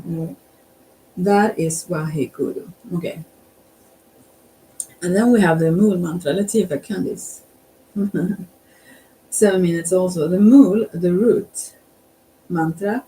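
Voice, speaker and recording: Slow, mellow, hesitant mantra teacher, distant mic. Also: medium pitch. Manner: hesitant, self-correcting, laughs softly, tries out chants. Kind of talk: soft-spoken spiritual instruction. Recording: distant mic with faint ambient hiss.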